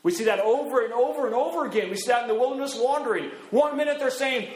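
High-voiced pastor preaching in an echoey room. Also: male voice, fast, hardly any pauses. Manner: animated, acts out quoted voices with big pitch swings. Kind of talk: sermon.

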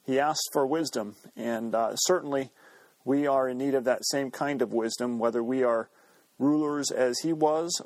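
A man's voice: mid-range voice, darkish tone, dry recording. A male pastor hosting his show, giving a matter-of-fact introduction with fillers. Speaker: podcast host and pastor.

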